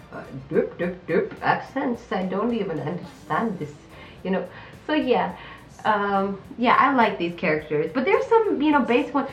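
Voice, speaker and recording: A woman's voice: medium pitch, roomy sound, recorded from a distance, highs cut off. Slangy, rambling woman comedian. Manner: loud, slangy, rambling, full of tag questions. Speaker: comedian and radio show host. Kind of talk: casual comedy interview chat.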